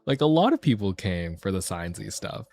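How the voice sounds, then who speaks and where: A man streaming as a VTuber, talking in a casual, rambling and animated way. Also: sits low, moderate pace, soft background music. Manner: animated, rambling, self-deprecating.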